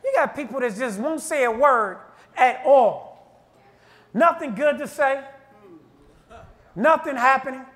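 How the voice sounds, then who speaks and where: Brief: male minister, sermon, very high and forceful voice, shouting refrains. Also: lively intonation, a little slow, pauses often. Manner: fervent preaching with shouted repeated refrains.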